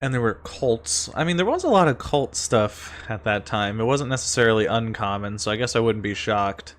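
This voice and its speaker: A man giving casual reaction commentary as a streamer, animated, thinking aloud and laughing often. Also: lowish voice, normal speed.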